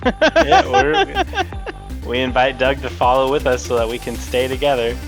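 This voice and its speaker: A man's voice: medium pitch, very animated, normal speed, music in the background. A man playing in a tabletop game, laughing and playful as he describes his moves. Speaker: player. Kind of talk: in-character tabletop play.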